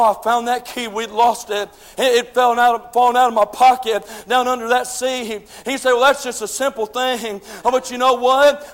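A man preaching a sermon, telling folksy stories and building to shouted preaching. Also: very high-pitched, big-room sound. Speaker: pastor. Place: church sanctuary.

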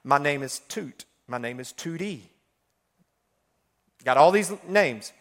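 Animated preacher man with a high voice. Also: slow. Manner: animated, swings between loud and hushed; conversational, full of fillers. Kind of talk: sermon.

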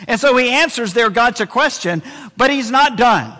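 A male pastor preaching a sermon, swinging between loud emphasis and quiet, intense moments. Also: very high-pitched, expressive, moderate pace, long reverb tail.

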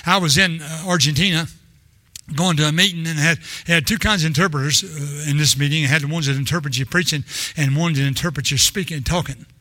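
A man's voice: on the high side, fast, sharp tone, no room sound. An older man preaching a sermon in a rambling, storytelling way, often restarting his sentences.

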